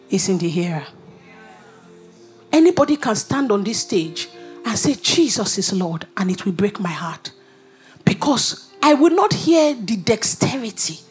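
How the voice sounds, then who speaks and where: A woman preaching a sermon, animated and humorous, dropping to whispers and rising to shouts. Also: medium pitch.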